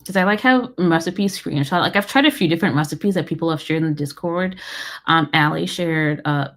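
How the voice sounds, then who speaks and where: A woman's voice: sits low, brisk, fairly bright tone. An American woman hosting a casual livestream. She rambles with lots of fillers and laughter. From United States. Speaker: livestream host.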